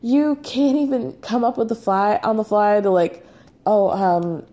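A woman's voice: fairly high pitch, normal speed, dark tone. A young woman casually recapping a show, chatty and sarcastic, full of "like" and "um". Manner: chatty and sarcastic, with many fillers.

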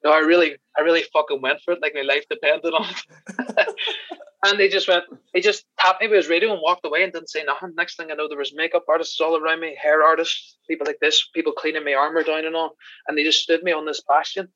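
An Irish man tells lively, profane stories at a quick clip. His voice is bright and a touch high, recorded dry with a slightly dull, lo-fi sound. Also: no echo. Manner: animated, swearing, laughing storyteller. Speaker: podcast guest, special effects crew member. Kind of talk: casual storytelling chat.

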